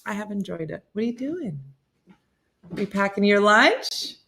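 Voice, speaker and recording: Chatty woman host with a lively voice. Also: mid-range voice, a little slow, creaky, heavy background noise. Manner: chatty, reads viewer comments aloud and answers them. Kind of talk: casual live-stream chat.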